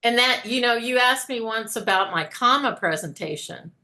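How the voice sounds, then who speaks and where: A woman's voice: on the high side, animated, normal speed, sharp tone. A woman teacher chatting casually, telling stories and laughing often. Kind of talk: casual conversation.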